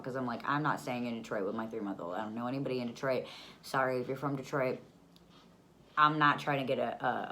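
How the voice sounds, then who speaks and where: A young woman telling a storytime vlog in a heated, profane way, often bursting out loud, from the Buffalo area of New York. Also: a bass voice, slight background noise. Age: young adult.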